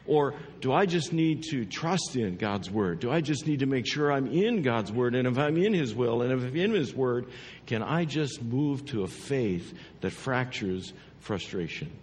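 A man pastor giving a sermon, his dynamic preaching swinging from hushed, drawn-out lines to emphatic, rising ones. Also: mid-range voice, animated, in a large hall, a little hiss or hum.

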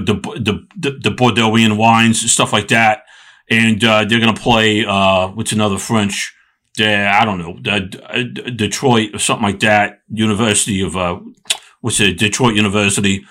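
A man's voice: fairly low pitch, sharp tone. A man co-hosting a casual sports podcast, rambling with lots of fillers and restarts. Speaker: podcast co-host.

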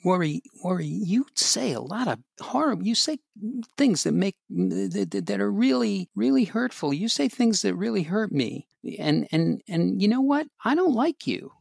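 A man's voice: high voice, big pitch swings, moderate pace, vocal fry, hardly any pauses, a little mellow, no room sound, clean studio sound, pitched above the performer's own voice, heavily acted. A man playing an anxious boy in a parenting role-play, speaking in a stammering, upset way. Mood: defiant. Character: anxious boy dreading a party.

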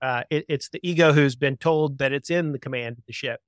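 Thoughtful man in casual chat, measured, mid-pitched, dry close sound. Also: no echo. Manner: reflective, halting, speaks in spiritual terms. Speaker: podcast co-host. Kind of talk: casual conversation.

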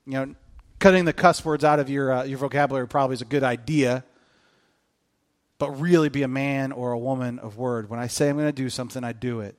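A middle-aged man preaching a casual sermon as pastor, joking with the congregation and acting out quoted lines. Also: on the high side. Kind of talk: conversational sermon.

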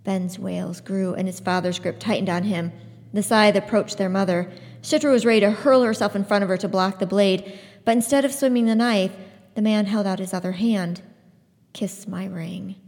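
Expressive woman podcast host reading aloud. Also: mid-range voice, normal speed. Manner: expressive storytelling. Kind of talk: book review and reading aloud. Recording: long hall reverb.

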